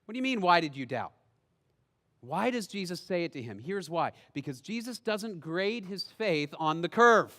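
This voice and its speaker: A male pastor with a high, bright-toned voice preaches in a church sanctuary. Long reverb trails his words through the hall. His delivery swings between loud, animated outbursts and quiet, drawn-out lines. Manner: storytelling, swinging from loud outbursts to hushed, slow phrases. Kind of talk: sermon.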